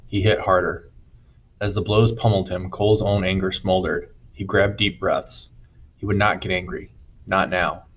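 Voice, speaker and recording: A man narrating an audiobook chapter in a steady storytelling manner. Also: sits low, lo-fi sound, a little hiss or hum. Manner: steady storytelling, voices dialogue. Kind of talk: scripted narration.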